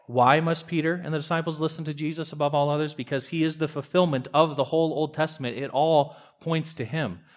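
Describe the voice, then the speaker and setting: A man preaching a sermon in an earnest way, pushing his voice up for emphasis, dropping it low, and sometimes stammering into a restart. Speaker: pastor.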